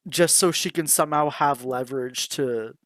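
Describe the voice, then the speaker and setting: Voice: mid-range voice, moderate pace, fairly bright tone, dry recording. A podcast co-host chatting casually, often stopping and restarting sentences. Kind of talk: casual chat.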